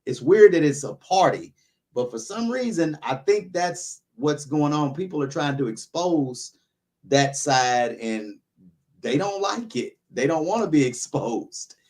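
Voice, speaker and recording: A man's voice: a little high, expressive, measured pace, a little mellow. A man hosting a casual talk show, rambling with many restarts while giving his opinions. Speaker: YouTuber, podcast host.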